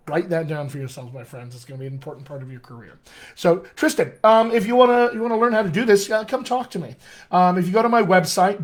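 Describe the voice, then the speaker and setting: A man working as a dialect coach, answering viewers' questions in an upbeat, emphatic live-streamed session and talking straight to them. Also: a little high. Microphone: webcam or computer mic on a live stream.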